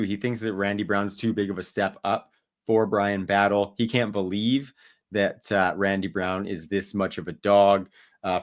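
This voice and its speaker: A man with a fairly low voice co-hosts a casual sports podcast. He sounds relaxed and joking, and thinks aloud with plenty of fillers. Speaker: podcast co-host.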